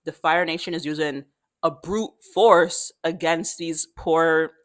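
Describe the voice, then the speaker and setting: A woman's voice: sits low, fairly even intonation, slow pace, no echo. A woman voicing a shaken, brooding young prince who swears bluntly, in a casual retelling. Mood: shocked. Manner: blunt slangy outbursts.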